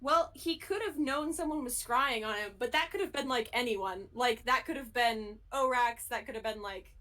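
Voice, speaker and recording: High-voiced woman player recapping. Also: moderate pace, fairly bright tone. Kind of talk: casual tabletop play.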